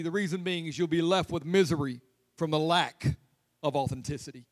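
A man's voice: a little high, unhurried, pauses often. A man preaching a humorous, conversational sermon as pastor in a church. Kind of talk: lively sermon. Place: church sanctuary.

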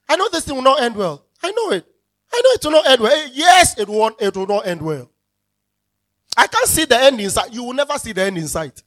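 A man's voice: very high voice, big pitch swings, brisk, fairly bright tone. A male pastor preaching a sermon, emphatic and repeating his key phrases as he calls out to the congregation.

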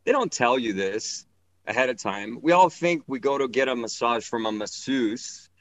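A man performing a stand-up comedy set, telling a story in an animated way and acting out the voices of the people in it. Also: mid-range voice, normal speed, no room sound, rough recording.

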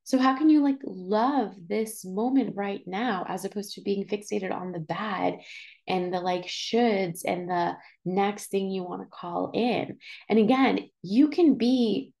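A woman's voice: mid-range voice, vocal fry, darkish tone. A young adult woman, hosting a podcast in a frank, playful, chatty monologue and acting out the complaints she quotes. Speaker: podcast host. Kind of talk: casual monologue.

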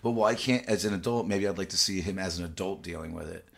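Blunt podcast guy with a low, gravelly voice. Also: quick pace. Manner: blunt, critical, joking. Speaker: podcast co-host. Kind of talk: casual movie-review chat.

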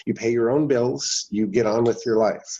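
A man's voice: mid-range voice, normal speed, mellow. A middle-aged man with a mid-range voice tells a long personal story at an easy, folksy pace, briefly putting on the voices of others as he recounts the exchange. The recording sounds somewhat dull and lo-fi. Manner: folksy anecdotal storytelling, voicing other people. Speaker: guest. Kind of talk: storytelling interview.

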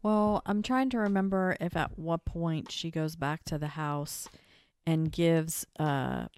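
A woman's voice: deep voice, fairly even intonation, slow, darkish tone, smooth, soft background music. A woman co-hosting a podcast, chiming in with details and corrections during a casual movie recap. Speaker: podcast co-host.

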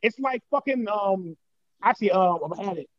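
Co-host, male, high voice, quick rambling delivery, dry dull lo-fi sound. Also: no echo. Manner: rambling slangy storytelling with many fillers. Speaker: podcast co-host. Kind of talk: casual chat.

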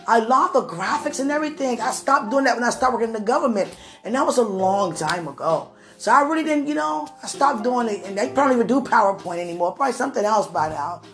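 A woman talking to the camera in a casual devotional vlog, rambling and affectionate, often breaking into laughter. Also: fairly high pitch. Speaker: vlogger.

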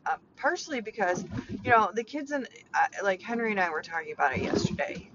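A woman's voice: medium pitch, very animated, fairly quick. A middle-aged woman hosting her own podcast, talking in a rambling, chatty way full of fillers. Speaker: podcast host, clarity coach. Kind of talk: casual personal monologue. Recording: slightly dull lo-fi sound with faint noise.

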